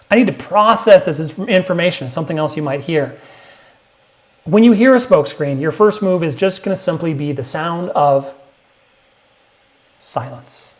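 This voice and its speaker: A man teaching sales technique to camera, emphatic and punchy, now and then acting out prospects in a higher voice. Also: darkish tone. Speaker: sales coach. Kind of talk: direct-to-camera sales lesson.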